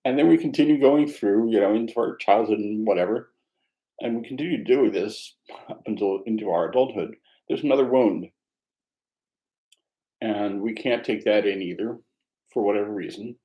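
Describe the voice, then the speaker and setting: Mellow-voiced man giving a mindfulness talk. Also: fairly low pitch, normal speed, long pauses, rough recording. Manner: reflective, conversational, gently self-mocking. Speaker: meditation teacher.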